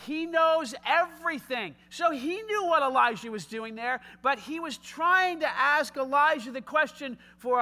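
A man gives a sermon as pastor, his delivery shifting from emphatic, raised-voice lines to hushed, low remarks, and he regularly questions the congregation directly.

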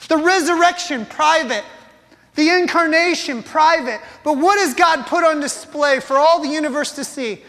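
A man's voice: extremely high pitch, normal speed, sharp tone, long reverb tail. A man preaching a sermon, impassioned and asking the congregation rhetorical questions. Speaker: pastor.

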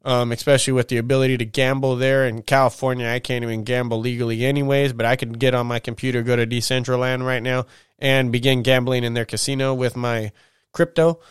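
A man with a smooth, resonant voice rambles through a casual solo podcast. He is loose and profane and tells stories with plenty of slang. The sound is dry and close to the mic, with no room around it. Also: mid-range voice, flat delivery, quick pace, no room sound. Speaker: podcast host.

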